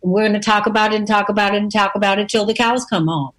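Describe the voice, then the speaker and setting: A woman's voice: medium pitch, racing, fairly bright tone. A woman hosting a radio talk show, speaking earnestly in a loose, rambling way, with many fillers and repeated phrases. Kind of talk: casual conversation.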